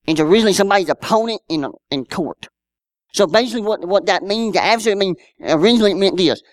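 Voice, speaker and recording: A man's voice: sits high, animated, quick pace, dry recording. A man, preaching a sermon in a conversational style with rhetorical questions and personal stories. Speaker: pastor.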